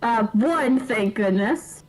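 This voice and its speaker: A woman's voice: fairly high pitch, expressive, slow pace, darkish tone, low-quality recording. A woman playing in a tabletop game, hesitant and giggly. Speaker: player. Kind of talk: casual tabletop game chat.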